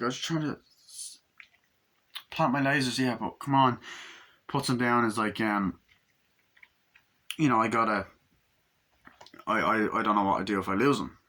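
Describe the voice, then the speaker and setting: A man's voice: lowish voice, bright, forceful tone. A man casually recapping a movie in a rambling way, swearing freely and jumping into quoted lines from the scenes. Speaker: movie reviewer.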